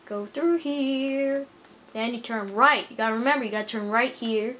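Chatty woman youtuber playing a shooter at home, kinda high voice, game noise under her. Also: moderate pace. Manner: chatty, excitable, talks back at enemies. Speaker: gaming YouTuber. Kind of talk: let's play commentary.

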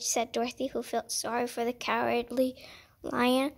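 High-voiced woman reading a storybook aloud; casual, stumbling and self-correcting, chatty asides. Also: flat delivery, measured pace. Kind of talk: casual picture-book read-aloud.

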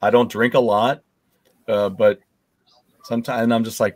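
A man's voice: mid-range voice, level tone, moderate pace, darkish tone, dry recording. A man hosting an interview show, chatting casually and telling personal stories with empathy. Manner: empathetic, storytelling, frequent fillers. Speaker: podcast host.

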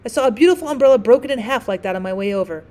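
A woman doing a soft-spoken old grandmother. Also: fairly high pitch, lively intonation, racing, close to an everyday voice. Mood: soft, fussing. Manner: soft, fussy, loving. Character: old, gentle grandmother, agitated.

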